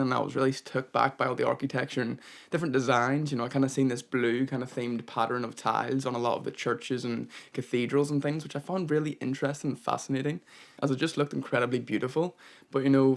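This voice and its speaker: A man's voice: mid-range voice, gravelly. A young man narrating his travel vlog in a chatty, rambling way, full of "kinda" and "you know". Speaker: travel vlogger.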